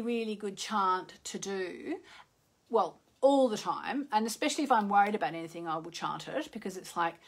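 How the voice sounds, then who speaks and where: A woman's voice: on the low side, fairly bright tone. A middle-aged Australian woman, an astrologer chatting casually and rambling with many fillers on a live stream. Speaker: astrologer hosting a live show.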